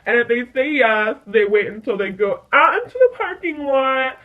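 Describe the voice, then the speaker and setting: A young woman voicing a friend's calm, matter-of-fact mother, who talks haltingly with many fillers. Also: fairly high pitch, phone-quality sound, close to an everyday voice.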